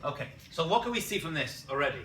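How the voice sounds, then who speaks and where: Animated male rabbi lecturing a class. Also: fairly high pitch, quick pace, background noise. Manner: animated, quizzes students, corrects himself aloud. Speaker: rabbi teaching a college class. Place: college classroom. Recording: roomy classroom picked up from a distance.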